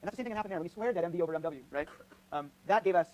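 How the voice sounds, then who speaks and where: His voice is high, very fast, and a little mellow: a physics professor lecturing in a lecture hall during a live demonstration. He works things out aloud with many restarts and frequent tag questions like "right?"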